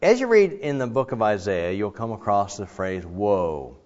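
A man preaching a sermon in a conversational, animated way, with frequent fillers and restarts. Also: fairly low pitch, normal speed, muffled recording. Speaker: pastor.

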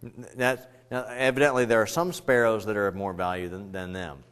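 A man's voice: fairly low pitch, steady tone, a little fast, a bit bright, clean tone. A male pastor preaching a sermon in a conversational way, full of rambling asides, little jokes and restarts.

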